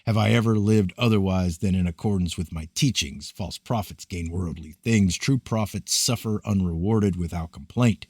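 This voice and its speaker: Deep-voiced man reading scripture solemnly. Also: moderate pace, hardly any pauses, a little mellow, slightly rough, no room sound.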